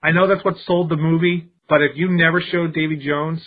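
A man's voice: on the high side, fairly even intonation, brisk. A man co-hosting a podcast, recapping a film's plot in a wry, casual way with jokey asides. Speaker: podcast co-host. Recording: husky voice over a tinny phone-like line.

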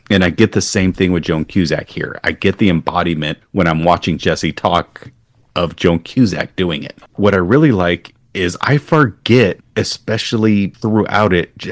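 A man with a very deep voice chats about a film with enthusiasm. He is self-deprecating and laughs easily, and his voice sounds dry and close to the mic. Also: no room sound. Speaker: podcast co-host, parent. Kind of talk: casual film discussion.

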